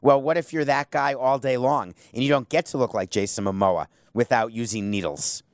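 A man's voice: mid-range voice, moderate pace, no echo, clean studio sound. A man giving his own chatty, opinionated rundown as a commentator, with self-deprecating asides.

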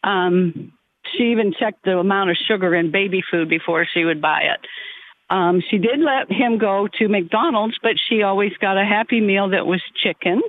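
A woman's voice: mid-range voice, normal speed. An older woman, a grandmother, calling in to a radio show, polite and chatty. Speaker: radio caller. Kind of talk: phone-in call. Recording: tinny phone line.

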